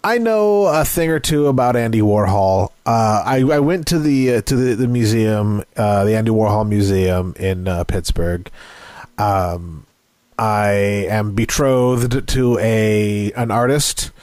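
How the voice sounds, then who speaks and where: A man's voice: on the low side, unhurried, a little mellow, dry recording. A man co-hosting a casual movie review chat, talking in a crude, jokey, rambling way with many fillers. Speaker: podcast co-host.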